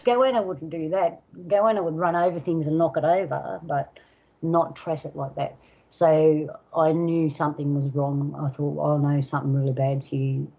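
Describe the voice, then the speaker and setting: An older woman with an Australian accent, a guest elder telling a personal story in unhurried casual talk, acting out voices and sounds. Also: low-pitched, steady tone, vocal fry, mellow, muffled recording. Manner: unhurried, acts out dialogue and sounds.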